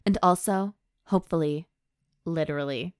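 A woman co-hosting a podcast, reading a novel aloud in a wry, deadpan way and breaking off for quick, joking asides. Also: low voice, smooth, no room sound, clean studio sound. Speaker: podcast co-host. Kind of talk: dramatic reading of a novel with casual chat.

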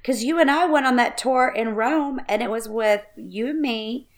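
A woman with a Louisiana accent, co-hosting a casual chat, quick to challenge and tease her partner. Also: fairly high pitch. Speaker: podcast co-host.

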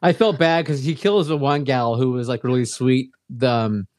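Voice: medium pitch, normal speed, no room sound. Laid-back co-host, rambling chat, dry close sound. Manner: relaxed, rambling, laughs often. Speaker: podcast co-host. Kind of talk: casual chat.

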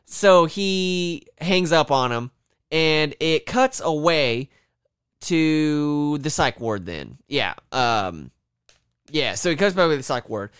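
A man casually recapping a film in a rambling, profane way, often slipping into quick quoted voices of the characters. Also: a little high, lively intonation, fairly bright tone, smooth, no room sound, studio quality.

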